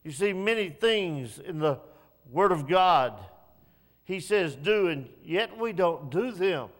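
Preacher, male, high voice, slow deliberate sermon delivery, long hall reverb. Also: expressive. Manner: swings from low hushed passages to raised pleading lines.

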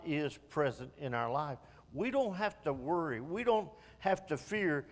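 A man's voice: on the high side, lively intonation, a little slow, a bit bright. A man preaching a sermon in a church, emphatic and repeating key phrases. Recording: long reverb of a church hall.

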